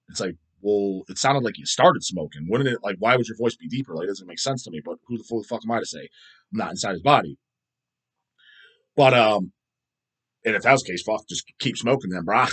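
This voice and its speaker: A man with a husky, somewhat breathy voice at an ordinary pitch rants casually about music on his own show. He talks bluntly, swears constantly and rambles through restarts and asides. He is recorded on a phone. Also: fairly bright tone. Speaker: host answering viewer questions. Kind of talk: casual profane rant.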